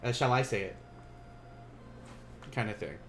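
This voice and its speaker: A man teaching a beginner Japanese lesson on a live stream, chatty and quick to laugh, often correcting himself mid-sentence. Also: mid-range voice, expressive, slight background noise.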